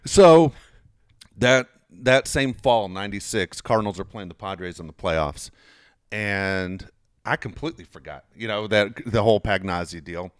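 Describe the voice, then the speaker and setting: A man's voice: lowish voice, a little slow, clear, resonant tone, no room sound, studio quality. A man in his fifties, a podcast host who worked in sports media, telling stories casually and with plenty of swearing, raising his voice when he acts out arguments. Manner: animated, profane, acts out quarrels in a raised voice. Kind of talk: casual storytelling.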